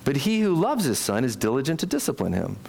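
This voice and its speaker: A man preaching a sermon, animated and conversational, often asking the congregation questions and acting out quoted lines. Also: quick pace, creaky, a little hiss or hum. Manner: acts out quoted speech with sharp jumps in pitch. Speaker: pastor.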